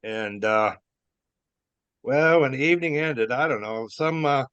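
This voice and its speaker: Older man, former wrestler, halting rambling storytelling, muffled lo-fi recording. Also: medium pitch, a bit bright, clear, resonant tone, no echo. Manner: chuckling, halting, lots of fillers and restarts. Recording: dull dry lo-fi sound.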